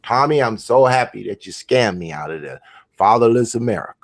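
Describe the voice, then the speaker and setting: A man's voice: fairly low pitch, animated. A man mocking a gushing starstruck fan. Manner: slow, mocking adoration.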